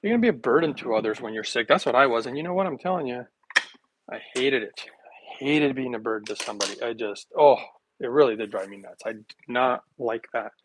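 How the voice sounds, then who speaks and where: A man vlogging while making a smoothie, talking in a playful, rambling way to his viewers and laughing often. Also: medium pitch, animated, fairly quick, noisy background. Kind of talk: casual rambling monologue to camera.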